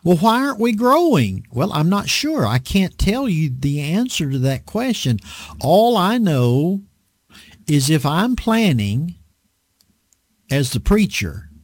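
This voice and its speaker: An earnest male preacher speaks in a slightly raised voice that rises and falls with lively swings. He takes his time and often halts on fillers and restarts. The sound is dry and close. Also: on the high side, takes it slowly, no echo. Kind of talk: unhurried sermon-style talk on a program.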